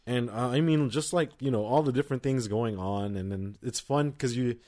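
A man's voice: medium pitch, normal speed, dark tone. Male podcast co-host, casual rambling chat, plenty of restarts. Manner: rambling, chatty, full of "like" and restarts.

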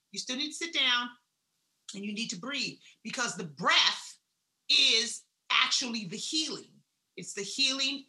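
A woman giving a blunt, salty motivational talk, swinging between loud emphasis and hushed asides. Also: fairly high pitch, echoey room. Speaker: wellness speaker.

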